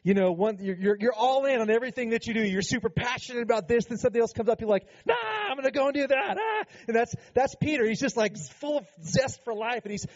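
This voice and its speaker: A man's voice: very high-pitched, quick pace, hardly any pauses, a little mellow, lo-fi sound. A man preaching a sermon as pastor, earnest and emphatic, with frequent conversational asides.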